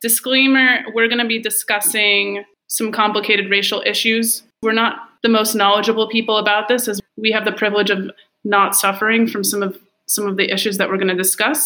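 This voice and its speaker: A woman's voice: mid-range voice, sharp tone. A young woman co-hosting a podcast, reading prepared analysis of a film with casual fillers. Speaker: podcast co-host.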